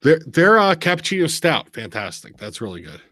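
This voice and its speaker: A man hosting a podcast, chatting casually and telling stories with animated swearing. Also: on the high side, brisk, dry recording. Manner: animated storyteller, swears freely. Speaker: podcast host. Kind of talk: casual chat.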